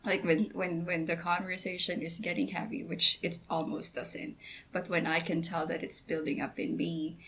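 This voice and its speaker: A woman guest on a podcast, talking hesitantly with many pauses and fillers, and giggling. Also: fairly low pitch, level tone, fairly bright tone, a little hiss or hum. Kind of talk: casual podcast chat.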